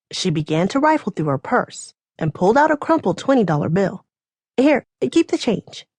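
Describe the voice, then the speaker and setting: A woman reads a novel aloud as an audiobook narrator. Her voice rises and falls a great deal as she tells the story, with an expressive delivery. The recording is close and dry, with no room sound. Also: medium pitch, no room sound. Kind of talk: scripted narration.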